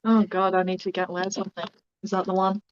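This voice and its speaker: A woman's voice: mid-range voice, completely flat delivery, fast talker, clear, resonant tone, dull audio. A woman playing a tabletop game, thinking aloud in a casual, rambling way. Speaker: player.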